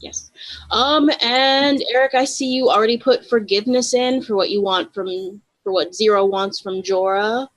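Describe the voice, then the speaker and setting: A woman running a tabletop role-playing game, chatty with many ums and quick asides. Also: a little high, no room sound, rough recording. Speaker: game master.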